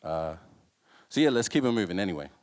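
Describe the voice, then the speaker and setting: A man's voice: low voice, animated, quick pace. A man on a live event stage, rapping and talking to the crowd in a casual, thankful way. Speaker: rapper and event organizer. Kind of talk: live stage talk and rap performance. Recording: live venue with loud music. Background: loud hip hop music.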